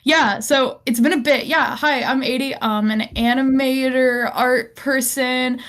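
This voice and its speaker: A woman's voice: high voice, steady tone, unhurried, a bit bright. A woman guest on a podcast, an animator chatting casually about her work and often restarting her sentences. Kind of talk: casual chat.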